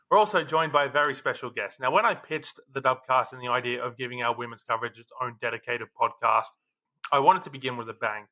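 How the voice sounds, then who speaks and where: Bright-voiced podcast host. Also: male voice, medium pitch. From Australia. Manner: chatty, jokey, scripted opening questions. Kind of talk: casual sports podcast chat. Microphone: video call.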